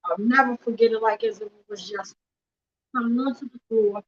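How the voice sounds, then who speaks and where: A woman's voice: on the high side, fairly even intonation, a little fast. A woman giving impassioned personal testimony as an activist at a weekly vigil. She talks earnestly and emphatically and retells events in a rush, repeating "literally" and "I'm like". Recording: dull lo-fi livestream audio.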